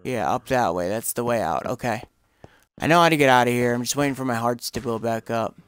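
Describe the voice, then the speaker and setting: A man's voice: mid-range voice, fairly quick, fairly bright tone, clear, resonant tone, no room sound. A man giving casual, rambling commentary over his own gameplay, often searching for words and exclaiming when things go wrong. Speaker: gameplay streamer.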